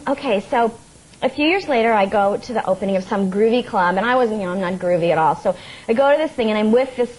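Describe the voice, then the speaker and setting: A woman from the United States, a talk show guest telling stories in an animated, laughing way. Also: mid-range voice, low-quality recording. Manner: animated storyteller, laughs often, acts out quotes. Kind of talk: casual chat, telling anecdotes. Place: TV studio with audience.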